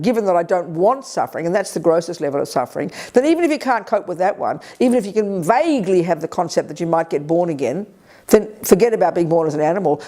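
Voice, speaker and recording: An energetic woman teaches a Buddhist retreat group, blunt and sharp, tossing in quick colloquial asides. Her voice sits a little low and has a dark, mellow tone. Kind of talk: dharma teaching to a live group. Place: retreat center hall.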